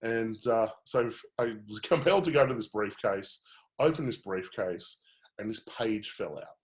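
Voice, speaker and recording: A man's voice: lowish voice, normal speed. Man telling his story candidly. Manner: candid, animated storytelling with fillers. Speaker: coach. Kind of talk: webinar storytelling.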